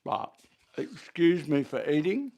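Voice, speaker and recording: A man's voice: big pitch swings, unhurried, dark tone, a little hiss or hum. A man hosting a casual livestream, chatting in a rambling, loose way to his viewers. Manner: rambling, chatty, talks to his dogs in a high baby voice. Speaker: livestream host.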